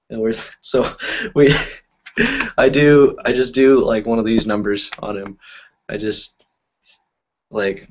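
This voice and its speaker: A man's voice: mid-range voice, steady tone, normal speed, pauses often. A man who is a magician, chatting casually on a live stream and telling rambling stories full of fillers. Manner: rambling, filler-heavy storytelling. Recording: dull lo-fi audio.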